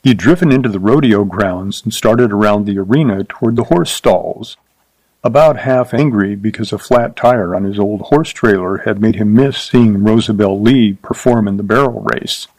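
A man's voice: fairly low pitch, normal speed, darkish tone, no room sound, rough recording. Man reading a story, dry sound. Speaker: narrator. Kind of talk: reading a short story aloud.

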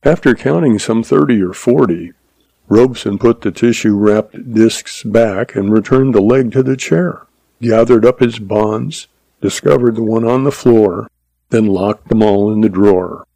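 A man narrates a Western tale at an even, measured pace. His low voice is gravelly and dark, with a mellow tone. The sound is dry and close, with no room echo. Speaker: audiobook narrator. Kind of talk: scripted narration of a Western story.

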